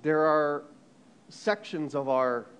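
Speaking slowly in a slightly high, clean-toned voice, a man from the United States preaches with animation. His storytelling is marked by frequent restarts and repeated words.

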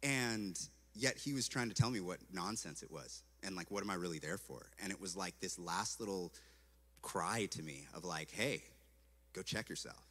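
A man from California telling his personal testimony as a story, animated and acting out his own past words, with "like" all through his talk. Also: low voice, moderate pace. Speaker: speaker giving a personal testimony. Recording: long hall reverb.

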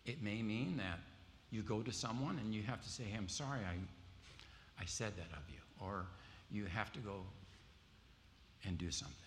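A man preaching a sermon, moving between scripture and lively personal stories and throwing questions out to the congregation. His voice rings with a long hall reverb over a faint room ambience. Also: fairly low pitch, normal speed, pauses often, slight background noise. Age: adult with wife and kids. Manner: storytelling, quizzing the audience with questions.

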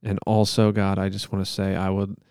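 A man with a low, gravelly yet smooth voice hosts a casual podcast. He jokes around and slips into a mock-solemn praying tone. The sound is close and dry. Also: completely flat delivery, a little fast, darkish tone, no echo. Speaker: podcast host.

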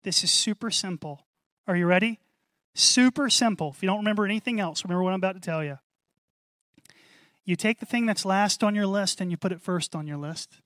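High-voiced man preaching a sermon. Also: fairly quick, dry recording, clean studio sound. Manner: animated preaching with call-and-response; repeats key phrases for emphasis. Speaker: pastor.

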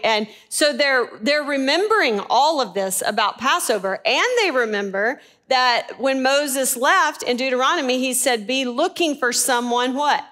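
A woman with a high, light voice teaches scripture to a gathered group. She talks with animated energy, often tossing a question out to her listeners and answering it herself. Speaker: Bible teacher. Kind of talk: sermon.

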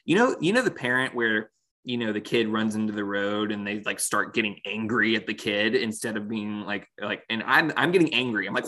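A man's voice: lowish voice, normal speed, bright, forceful tone. A man co-hosting a casual discussion of a cartoon series, thinking aloud and laughing often. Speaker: podcast co-host.

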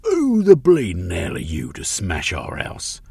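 A man putting on a coarse workmaster, snarling threats in a husky, loud voice. The sound is dry and close, as in an audiobook. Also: deep voice, wildly swooping pitch, slow, dry recording, full character voice. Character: brutal sallow-faced male factory workmaster.

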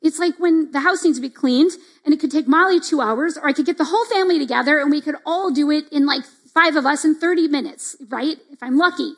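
A middle-aged woman with a high voice leads a devotional teaching talk. She speaks casually, leaning on asides like "like" and "right?". She acts out the little reactions she describes. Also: fast talker, few pauses. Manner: conversational, fillers like "like" and "right?". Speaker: church speaker.

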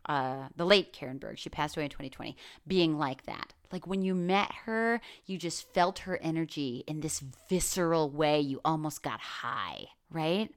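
A woman's voice: low voice, fairly bright tone, smooth. Candid, profane woman podcaster. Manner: candid and profane, with lots of "like" and restarts. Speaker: podcast host. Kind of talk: casual solo podcast monologue.

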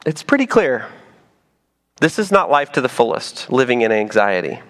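A man preaching a sermon as pastor, animated and playful, dropping to soft emphasis on key points. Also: mid-range voice, normal speed.

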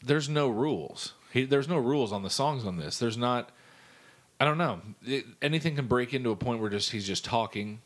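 A man talking in a casual chat, rambling and full of enthusiasm, with frequent swearing. His voice sits at a middle pitch. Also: normal speed. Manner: animated, profane, rambling enthusiasm. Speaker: podcast co-host.

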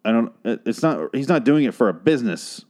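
A man hosting a podcast, recapping a TV episode in a rambling, sarcastic, profane rant, his voice a little hoarse. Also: medium pitch, big pitch swings, brisk, a little mellow. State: voice getting hoarse.

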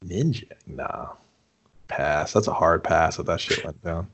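A man's voice: sits low, a little slow, fairly bright tone. A man co-hosting a casual movie talk, laid-back and profane, laughing often. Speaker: podcast co-host. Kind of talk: casual chat.

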